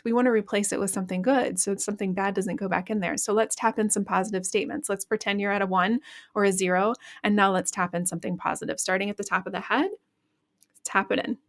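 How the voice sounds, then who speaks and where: A woman hosting a podcast, calmly guiding listeners through an EFT tapping session with repeat-after-me phrases. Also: mid-range voice. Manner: calm instructive, leads repeat-after-me phrases. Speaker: podcast host and EFT coach. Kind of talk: guided EFT tapping lesson.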